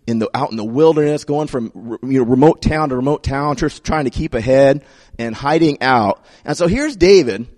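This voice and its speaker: A man's voice: mid-range voice, moderate pace, darkish tone, dry recording, clean studio sound. A male pastor preaching a sermon in a conversational storytelling way with playful asides.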